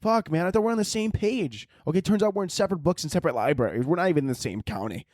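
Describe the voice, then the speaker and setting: Young male podcast host, rapid, rambling, profane comic chatter, dry close sound. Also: high voice, lively intonation, a little mellow, dry recording. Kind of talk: casual comedic monologue.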